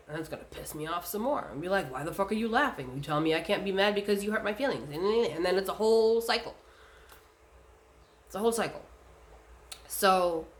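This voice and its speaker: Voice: mid-range voice, fairly bright tone. A speaker talking casually and bluntly, giving spiritual advice in a vlog, swearing often and using lots of fillers.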